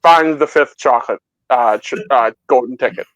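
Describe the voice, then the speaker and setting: A man co-hosting a casual film discussion podcast, excitable, often stumbling and repeating words. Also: medium pitch, normal speed, dry recording, highs cut off. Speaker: co-host.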